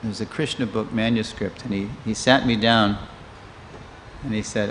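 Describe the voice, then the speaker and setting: A man's voice: fairly low pitch, moderate pace. Older man teaching a scripture class in a hall. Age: 60s. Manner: lively storyteller who acts out quoted speakers. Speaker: lecturer giving a scripture class. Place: temple hall. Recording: long reverb of a hall, faint noise.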